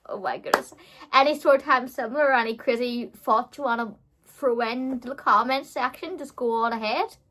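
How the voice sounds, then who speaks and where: A woman's voice: fairly high pitch, moderate pace, fairly bright tone. A woman telling a casual storytime vlog as a beauty vlogger, chatty and giggly, peppering her talk with fillers.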